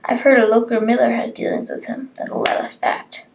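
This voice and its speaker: A woman voicing a scheming, vengeful male sheriff who talks loud and blustering. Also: fairly high pitch, huge pitch swings, moderate pace, distant mic, voice pushed up, low-quality recording. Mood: furious.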